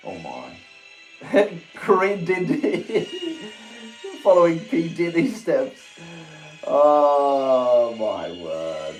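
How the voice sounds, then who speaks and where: Excitable guy on a livestream reacting to chat pics, kinda high voice, laughs a lot. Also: very slow, pauses often. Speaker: livestream host. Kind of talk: casual livestream chat, reading viewer messages. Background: faint music.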